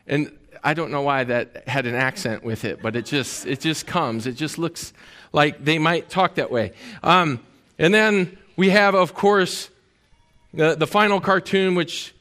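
A pastor with a high-pitched male voice delivers his sermon. He speaks to the congregation in a relaxed, conversational style, frequently pausing on fillers.

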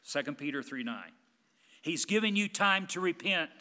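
A man preaching a sermon in a church, swinging between loud emphatic passages and hushed, quiet ones. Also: on the high side, animated, moderate pace, long reverb tail.

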